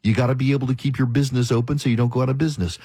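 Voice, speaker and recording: A man's voice: medium pitch, fairly even intonation, racing, warm tone, husky, dry recording. A man hosting a talk radio show, delivering an emphatic, opinionated monologue and mocking his critics. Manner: emphatic, ranting, mocks critics in quoted voices.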